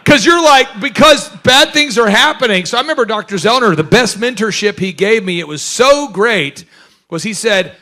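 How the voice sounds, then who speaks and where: Animated high-voiced male workshop host. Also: moderate pace. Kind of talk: energetic business workshop talk.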